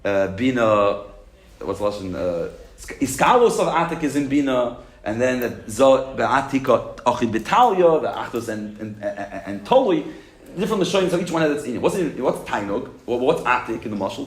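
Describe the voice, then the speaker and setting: Male Torah teacher, mid-range voice, lively lecturing, roomy echo. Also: medium pitch. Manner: animated, acts out "I got it" moments, asks and answers himself. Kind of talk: Chassidus class lecture.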